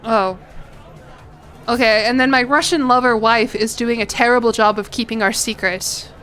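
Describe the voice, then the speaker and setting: A woman's voice: fairly high pitch, steady tone, normal speed, fairly bright tone, soft background music, a faint crowd. A woman streaming a strategy game, chatting casually, reacting, laughing and swearing as she plays. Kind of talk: casual gameplay commentary.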